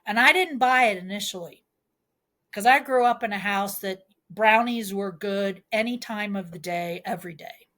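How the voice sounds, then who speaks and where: Woman, midwife guest on a podcast; earnest, emphatic explainer with mid-range pitch. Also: moderate pace, a bit bright. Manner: earnest, explains with homely analogies; pleading, emphatic advice.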